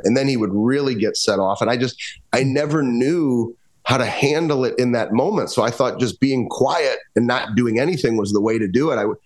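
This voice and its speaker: A man who is a guest on a podcast interview, telling a personal story in an earnest, emphatic way and often restarting his sentences. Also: mid-range voice. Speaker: guest, performance coach.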